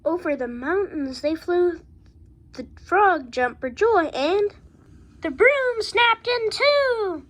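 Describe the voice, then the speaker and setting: A woman reading a rhyming picture book aloud with a steady rhythm. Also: extremely high pitch, slow pace. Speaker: reader.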